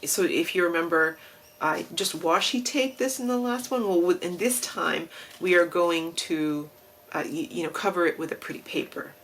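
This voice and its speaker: A woman's voice: lowish voice, moderate pace, fairly bright tone, a little hiss or hum, rough recording. A woman hosting a casual crafting tutorial, chatty and rambling, with lots of fillers. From Australia. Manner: chatty, rambling, self-deprecating, with frequent fillers.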